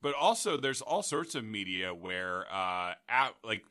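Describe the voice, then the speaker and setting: Bright-voiced man joking around. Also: fairly low pitch, very animated, a little slow, no room sound, studio quality. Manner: playful, joking, laughs often. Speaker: podcast co-host. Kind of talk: casual chat.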